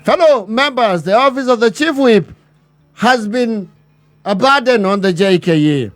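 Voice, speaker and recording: A man's voice: high voice, expressive, no echo, soft background music. Pompous man giving a mock address. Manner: pompous, bureaucratic phrasing, drawn-out pauses. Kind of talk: mock formal speech.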